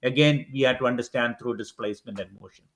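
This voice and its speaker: A man's voice: medium pitch, quick pace, fairly bright tone. A man speaking as a panelist on a video-call webinar, explaining a theological idea in a reflective way.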